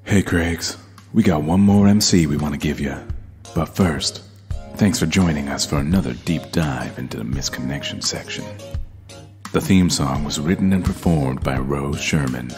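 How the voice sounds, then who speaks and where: A man reading a podcast outro in a steady, announcer-like way. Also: rumbling low, moderate pace. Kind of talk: scripted outro read. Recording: guitar music behind.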